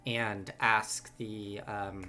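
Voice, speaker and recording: A woman narrating a tabletop game as game master, halting with many fillers and restarts. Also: rumbling low, flat delivery, a crowd in the background. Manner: halting, full of ums and restarts. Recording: music bed behind.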